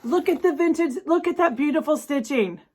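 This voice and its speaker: A woman, chatting through an unboxing with gushing, gasping delight and halting restarts. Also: sits high, dark tone. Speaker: crafting vlogger. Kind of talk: excited unboxing chat.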